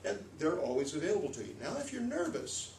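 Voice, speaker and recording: An American man giving a lively, demonstrative storytelling workshop to a live audience, playing with pitch and pace. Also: fast talker, a little hiss or hum. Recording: echoey room, voice from far off.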